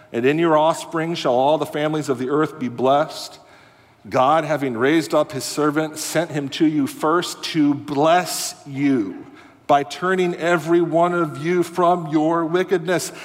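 A man preaching a sermon as a pastor, earnest and animated, rising to loud emphasis and dropping to quiet asides. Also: on the high side, unhurried. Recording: long hall reverb.

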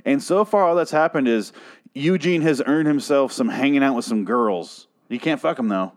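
A man's voice: mid-range voice, expressive, normal speed. A man giving a casual, rambling episode recap, profane and exasperated, with frequent restarts. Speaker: TV show reviewer.

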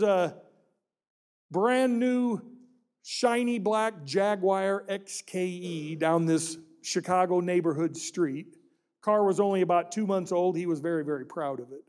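A man preaching a sermon as pastor, telling a story and acting out the people in it. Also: sits high. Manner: storytelling, acts out quoted voices with rising intensity.

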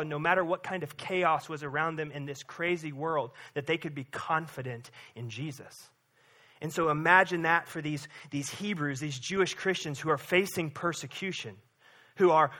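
A man preaching a sermon as pastor, reading scripture and then retelling stories in an animated, conversational way with frequent check-ins to the congregation. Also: on the high side. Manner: animated storytelling, acts out disciples' voices.

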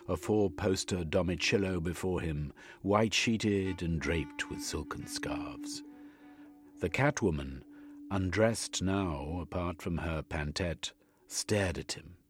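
Deep, slow man reading a story. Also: faint music behind. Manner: measured, expressive storytelling. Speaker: narrator. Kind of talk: audiobook reading.

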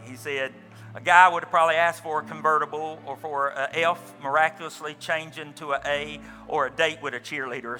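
A man's voice: on the high side, sharp tone, big-room sound. A man preaching a sermon as pastor, telling a story with quoted dialogue and folksy asides. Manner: storytelling, retelling another man's account with quoted dialogue.

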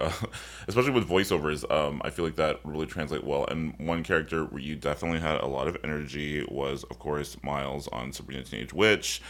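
Very deep-voiced chatty podcast host. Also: male voice, a bit bright. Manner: chatty and effusive, slangy. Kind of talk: casual interview talk.

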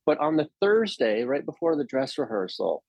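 A male actor telling stories in a casual interview, animated and often restarting his sentences. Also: mid-range voice, moderate pace, husky, no echo. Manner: anecdotal, animated, with frequent restarts.

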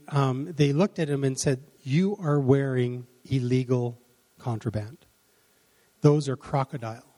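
A man preaching a sermon, telling a story with many restarts and self-corrections and quickly slipping into the voices of its characters. His voice sits at an ordinary middle pitch. A long reverb trails behind him, as in a large church hall. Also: darkish tone. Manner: rambling, self-correcting, acts out quoted voices.

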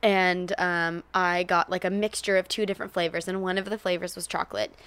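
A woman's voice: on the low side, level tone, brisk, fairly bright tone, clear, resonant tone, dry recording. A young woman co-hosting a podcast, reminiscing with her partner, laughing often and swearing casually. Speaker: podcast co-host.

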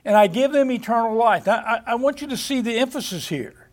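A man's voice: very high voice, animated. A man teaching a Bible lesson, reading verses aloud and often restarting his phrases. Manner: halting, repeats words, reads scripture aloud. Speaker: preacher. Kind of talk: Bible study sermon.

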